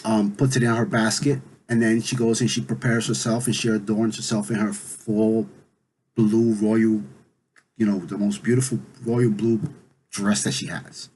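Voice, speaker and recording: A man's voice: on the low side, little pitch movement, moderate pace, a little mellow, slightly rough, poor audio. Man telling a legend in a casual voice. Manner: conversational, full of "you know" fillers. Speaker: storyteller. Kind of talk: casual oral storytelling.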